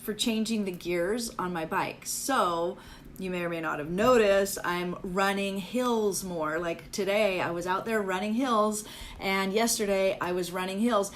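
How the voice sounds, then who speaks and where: Woman, livestream host, casual chat, Valley-girl fillers, rambling, self-deprecating, mid pitch. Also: unhurried, slight background noise. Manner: self-deprecating, chatty and upbeat. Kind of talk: casual live chat with viewers.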